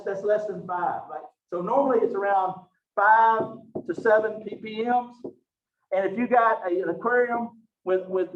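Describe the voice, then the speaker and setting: Heard from afar in an echoey classroom, with a dull, lo-fi sound, a man teaching college anatomy and physiology jokes and chats with his students. His folksy lecture has Southern turns of phrase, and his voice sits on the high side for a man.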